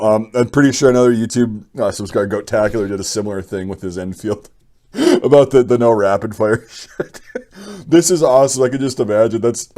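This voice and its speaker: Young guy, lowish voice, blunt opinionated rambling commentary, lots of ums. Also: dark tone. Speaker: channel host. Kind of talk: casual commentary reading viewer stories.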